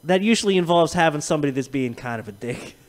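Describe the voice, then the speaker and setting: A man on a casual podcast who spins profane, rambling stories and laughs often. His voice sits slightly high and swoops widely as he tells them. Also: lively intonation, quick pace. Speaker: podcast host. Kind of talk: casual chat.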